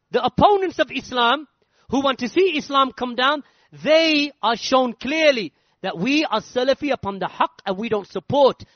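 A man with a strikingly high voice gives an Islamic lecture, driving each point home through emphatic repetition. The sound is dull and lo-fi, dry and close with no room echo.

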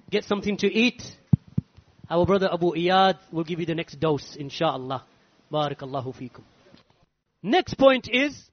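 A man giving an emphatic religious lecture, hammering points through repetition. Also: high voice. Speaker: Islamic lecturer. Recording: dull lo-fi dry recording.

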